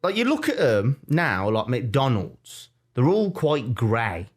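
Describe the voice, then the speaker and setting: A young man with a Birmingham accent, co-hosting a podcast in casual chat, animated and jokey as he tells stories. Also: mid-range voice, takes it slowly. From Birmingham, England. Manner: animated, jokey storytelling with mock-defiant asides. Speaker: podcast co-host.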